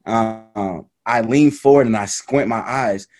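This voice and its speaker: A man's voice: lowish voice, slow pace, a little mellow. A man from Texas, a triathlete talking casually as a guest on a video call and filling his speech with "like" and "man". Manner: loose, heavy with fillers like "man" and "like".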